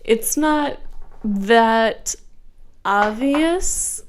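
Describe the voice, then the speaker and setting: A woman from the United States, a podcast guest in casual chat, talking in a measured, wry, soft-spoken way. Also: fairly high pitch, expressive, slight background noise.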